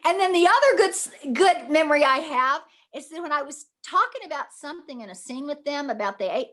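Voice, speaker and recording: A woman actress from Mississippi, telling animated stories in a casual interview and laughing often. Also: sits high, fairly quick. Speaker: guest actress.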